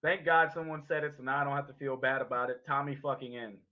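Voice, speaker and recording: A man hosting a casual podcast, excitable and swearing heavily. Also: medium pitch, fast, dull audio. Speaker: podcast host.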